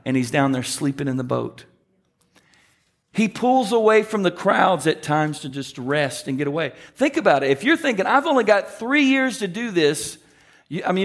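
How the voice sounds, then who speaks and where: A man preaching a sermon as pastor, conversational with slow, emphatic phrases. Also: sits high, animated.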